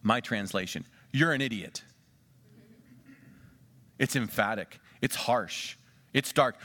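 Middle-aged male pastor, bright and sharp tone, conversational sermon delivery heavy on rhetorical questions. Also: medium pitch, slow pace, long pauses. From Western Pennsylvania.

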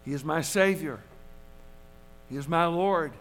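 High-voiced pastor preaching slowly. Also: male voice, fairly bright tone. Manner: earnest, measured preaching with emphatic repetitions. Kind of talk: sermon.

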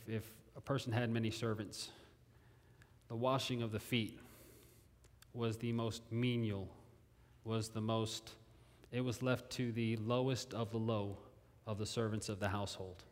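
A man's voice: lowish voice, fairly even intonation, unhurried. A man preaching a sermon in a conversational way, repeating phrases and asking his listeners questions. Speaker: pastor. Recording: long hall reverb.

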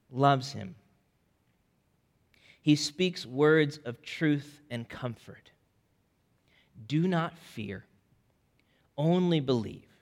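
A man preaching a sermon as a pastor, earnest and deliberate, sometimes restarting his words. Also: fairly high pitch, fairly bright tone, in a large hall.

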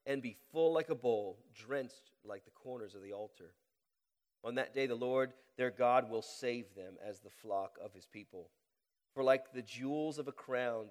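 A male pastor with a head cold preaches in a church, his voice carrying a long reverb through the hall. He reads scripture with a deliberately slowed cadence, rising in volume on key lines. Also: medium pitch, darkish tone. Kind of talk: sermon with scripture reading and prayer. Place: church sanctuary.

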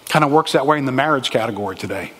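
A man preaching a sermon as a pastor, animated and conversational, asking the congregation rhetorical questions. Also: medium pitch, racing, husky. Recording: echoey hall, long reverb.

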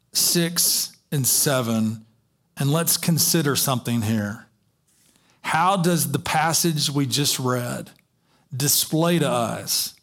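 A man preaching a sermon, telling a story in an animated way with many restarts. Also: medium pitch.

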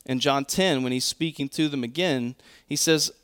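A man pastor preaching a sermon, earnest and emphatic, often quoting scripture and pausing to correct himself. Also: mid-range voice, a bit bright, clean tone.

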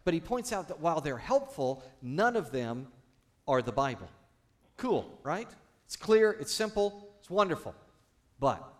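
Pastor preaching, animated and playful, a touch high-pitched. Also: male voice. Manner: animated, playful asides to the congregation. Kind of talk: sermon.

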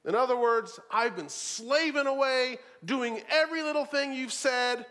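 A man preaching a sermon in an animated way, swinging from loud emphasis to quiet asides and often repeating words. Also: extremely high pitch, unhurried, few pauses.

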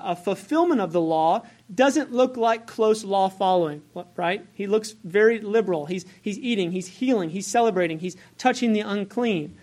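A woman's voice: medium pitch, a little mellow. A woman preaching a sermon in a conversational way, asking the congregation questions and correcting herself as she goes.

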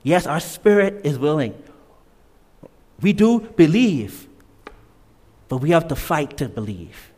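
A man's voice: on the high side, sing-song, takes it slowly, long pauses, darkish tone. A man preaching a sermon in an emphatic way. He repeats key lines and drops in casual asides. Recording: long reverb of a large hall.

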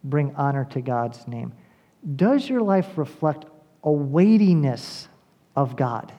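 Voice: mid-range voice, very animated, slow pace, muffled recording. A pastor preaching a sermon, earnestly addressing the congregation directly and building to emphatic, repeated appeals.

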